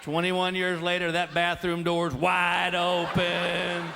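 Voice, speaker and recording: A middle-aged man doing stand-up comedy, telling stories in an animated, exasperated way and slipping into put-on voices. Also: high-pitched, normal speed. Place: comedy stage before a live audience. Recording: live show with loud crowd noise.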